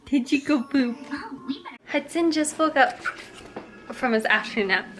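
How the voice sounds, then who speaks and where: A woman's voice: sits high, unhurried, fairly bright tone, a little hiss or hum. A young woman filming a casual family vlog, chatting to viewers and using sing-song baby talk with her toddler. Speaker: family vlogger.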